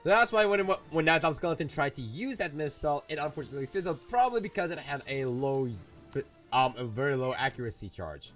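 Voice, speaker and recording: A man's voice: a little high, expressive, fast talker, a bit bright, faint music behind. A young man commenting on a video game, rambling and playful, often correcting himself. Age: young adult. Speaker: gaming YouTuber. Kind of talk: let's play commentary.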